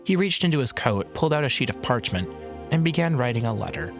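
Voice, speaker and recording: A man narrating a fantasy audiobook in a measured, dramatic storytelling manner. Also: mid-range voice, very animated. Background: background music.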